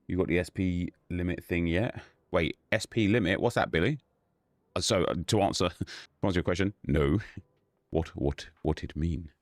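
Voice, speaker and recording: Deep-voiced man chatting on a live stream. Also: normal speed, dry recording. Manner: greets viewers by name, chatty and loose. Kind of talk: casual live-stream chat.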